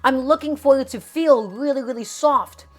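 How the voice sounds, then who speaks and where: A woman's voice: high-pitched, moderate pace, fairly bright tone. A woman hosting a live cooking show from a home kitchen. She gives emphatic instructions, repeats key steps and speaks straight to her viewers.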